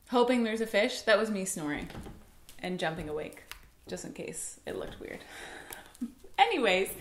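A young woman teaching a Sunday school lesson at home, telling the story with playful voices. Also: mid-range voice. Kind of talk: children's Bible lesson. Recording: echoey room.

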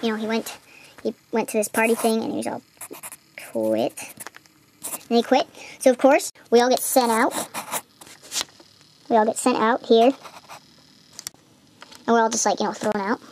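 A teenage girl with a fairly high voice tells a game story while she draws. She rambles, restarts and fills gaps with ums. A faint hiss sits under the recording. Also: fairly even intonation, moderate pace, long pauses, darkish tone. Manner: rambling, lots of fillers and restarts. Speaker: video maker retelling a game. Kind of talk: casual storytelling while drawing.

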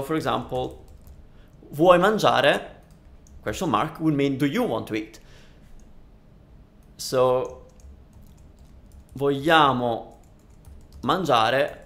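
Man, live-stream language teacher, chatty, answers viewer questions, higher voice with gravel. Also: a bit bright. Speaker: Italian teacher. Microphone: studio microphone.

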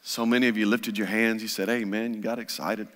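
A man's voice: lowish voice, little pitch movement, brisk, fairly bright tone. A man preaching a sermon as pastor, impassioned and repetitive in his delivery. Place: church sanctuary. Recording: long church hall reverb.

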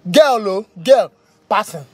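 A Nigerian man in a comedy skit, boasting loudly that he controls spirits, laughing often and breaking into panic. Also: sits high, lively intonation, takes it slowly, noisy background. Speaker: comedian playing a boastful native doctor. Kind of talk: skit comedy, pidgin-tinged. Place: outdoors in bush.

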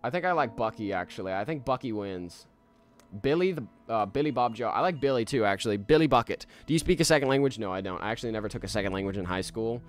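Chatty excitable man streaming a game. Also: fairly low pitch, fast, faint music behind. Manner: excitable, chatty, laughs often, talks to chat. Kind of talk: live gameplay stream chat.

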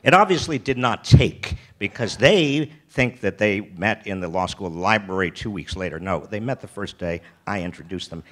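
A man's voice: on the low side, animated, moderate pace, hardly any pauses, fairly bright tone. An older American man giving a keynote talk, telling personal stories in a rambling way, with many restarts and wry self-deprecating humor. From United States. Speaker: keynote speaker. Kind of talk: storytelling talk. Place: festival stage.

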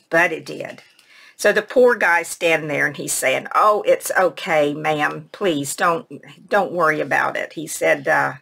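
A woman, a craft vlogger, casually telling a personal story in a soft, emotional way and retelling conversations word for word. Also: on the low side, vocal fry. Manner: rambling, retells conversations in quotes.

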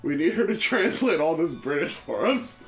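A man hosting a casual let's play, excitable and joking, swearing and laughing often. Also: on the high side, normal speed, soft background music. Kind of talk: casual gaming commentary.

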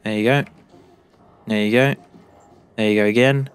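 A young gaming YouTuber from Britain speaks in a fairly low, clear and resonant voice, keeping a steady tone at a moderate pace. He jokes around as he plays and chats with the game's characters.

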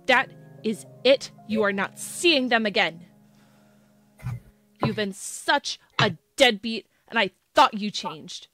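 Woman doing a furious shouting barmaid. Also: on the high side, expressive, slow, soft background music, pitched above the performer's own voice. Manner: shouting, scolding. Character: furious young female tavern server.

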